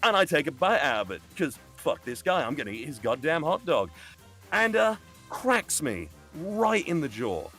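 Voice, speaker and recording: A man's voice: on the high side, moderate pace, faint music behind. Swearing Birmingham man telling a story. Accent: Birmingham English. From England. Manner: swears a lot, animated, acts out the people in his story. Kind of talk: animated storytelling on a live stream. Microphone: video call or streaming mic.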